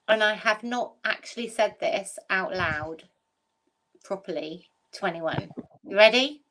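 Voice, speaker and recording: A woman's voice: mid-range voice, unhurried, background noise. A woman hosting a livestream chat, talking candidly, laughing often and repeating herself for emphasis. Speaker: livestream host. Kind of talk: casual chat.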